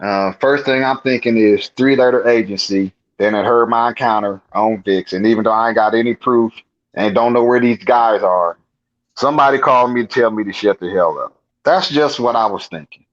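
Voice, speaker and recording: A man's voice: fairly low pitch, normal speed, dull audio. A man, a guest on the show, telling his own encounter in a rambling, colloquial way with frequent restarts. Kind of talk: casual storytelling.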